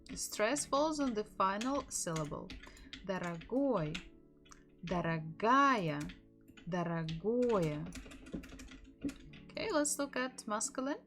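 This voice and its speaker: A woman with a Russian accent teaching a live-streamed language lesson, repeating each word slowly so learners can follow. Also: sits high, expressive. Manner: slow, drilling words by repetition.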